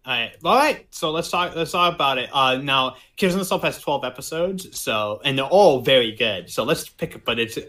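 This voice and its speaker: A man hosting a casual podcast chat, talking in animated bursts and stumbling over his own restarts. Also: mid-range voice, moderate pace, hardly any pauses. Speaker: podcast host.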